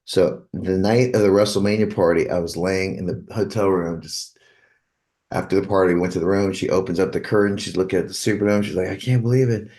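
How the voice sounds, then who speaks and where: A man's voice: low-pitched, steady tone, fairly quick, darkish tone. A man, a musician's manager, telling a long anecdote in a casual interview and acting out the back-and-forth dialogue. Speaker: guitarist's manager.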